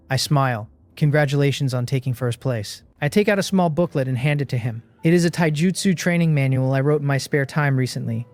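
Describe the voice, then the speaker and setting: A man giving a scripted first-person story recap, steady and measured, in short even sentences. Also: on the high side. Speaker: recap narrator.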